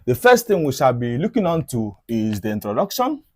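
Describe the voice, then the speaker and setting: A man teaching anatomy in a mid-pitched voice. He repeats key phrases and poses rhetorical questions as he walks through diagrams. The recording is close and dry. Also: sing-song, a little fast, a little mellow, no room sound. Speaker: medical educator. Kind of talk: anatomy lecture over diagrams.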